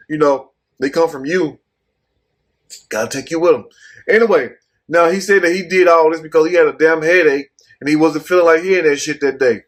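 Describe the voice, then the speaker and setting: A man's voice: on the high side, fairly bright tone. A man giving blunt, profane casual commentary while reading out a news story. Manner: blunt, cussing, rhetorical asides. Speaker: commentary host.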